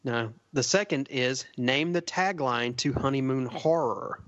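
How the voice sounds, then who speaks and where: A man's voice: medium pitch, measured pace, fairly bright tone, no echo, highs cut off. A man hosting a quiz among friends on a casual podcast, reading questions and laughing at the banter. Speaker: quiz host.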